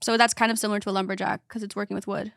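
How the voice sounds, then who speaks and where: A woman's voice: medium pitch, level tone, rapid-fire, gravelly, a bit bright, no room sound. A young adult woman guest co-hosting a podcast in a studio, chatting in a playful, teasing, giggly way. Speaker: guest co-host. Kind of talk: casual chat.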